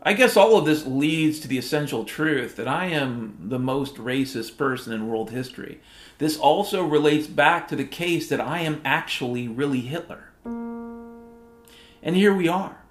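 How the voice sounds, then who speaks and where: A man's voice: a little high, lively intonation, normal speed. A middle-aged man from Washington state delivering a profane, sardonic, rambling comedic monologue. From Washington state, USA. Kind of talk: comedic spoken-word monologue. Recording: roomy echo with music underneath.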